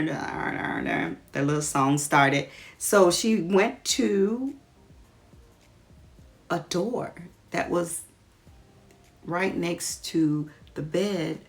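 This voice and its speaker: A woman's voice: low-pitched, gravelly. Chatty woman retelling a story. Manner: chatty, digressive, laughs while retelling. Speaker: vlogger. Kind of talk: casual storytelling during a makeup tutorial.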